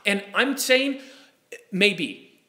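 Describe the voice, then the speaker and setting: A man in his forties with a high, bright voice spins a story for a live crowd. He talks animatedly and jumps into the voices of the people he quotes. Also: animated, extremely slow. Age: 40s. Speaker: speaker. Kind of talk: storytelling talk.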